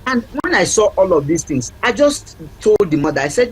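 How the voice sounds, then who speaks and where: A man's voice: high voice, big pitch swings, fairly quick, slight background noise, poor audio. A man with a Nigerian accent, a family counselor giving advice on a TV talk show, emphatic and repeating key points like a teacher.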